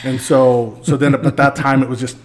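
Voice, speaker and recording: A man guest on a podcast, telling a story in a casual, animated way and swearing freely. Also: medium pitch, moderate pace, a little hiss or hum.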